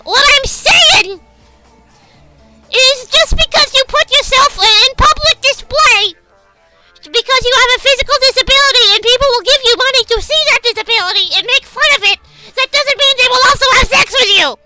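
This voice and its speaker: A woman's voice: extremely high pitch, normal speed, pushed and bright. A woman streamer in casual chat, blunt and profane, rambling through her points with restarts. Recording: game music behind.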